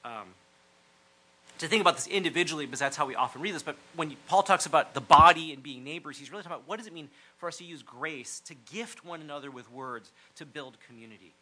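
Bright-voiced earnest male preacher. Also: fairly high pitch, quick pace, poor audio. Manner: earnest, reflective, drops to near-hushed phrases for emphasis. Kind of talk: sermon.

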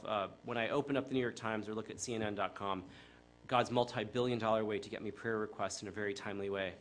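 A middle-aged man from the Chicago area delivers a sermon in an earnest, reflective tone. His voice sits in an ordinary middle pitch, and he speaks conversationally, often pausing on fillers and correcting himself mid-sentence. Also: fairly bright tone, slight background noise. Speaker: preacher.

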